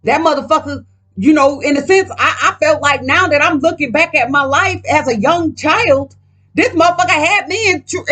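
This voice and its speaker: High, bright-voiced profane woman vlogger. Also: moderate pace. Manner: profane, emphatic, rambling, addresses viewers directly. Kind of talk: casual tarot reading rant.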